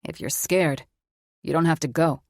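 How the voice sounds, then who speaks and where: A brooding male wolf shifter with a demon inside him, speaking in clipped, cold lines that turn menacing, as a female narrator puts him on. The voice sits very low. The read is close and dry. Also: steady tone, normal speed, no room sound. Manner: terse, cold, flaring into snarls. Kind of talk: audiobook character voice.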